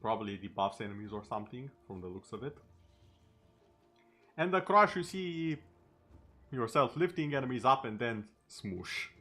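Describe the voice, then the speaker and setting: A man's voice: medium pitch, big pitch swings, normal speed, pauses often, bright, forceful tone. A male streamer in casual chat over gameplay, talking easily and tossing in sarcastic asides.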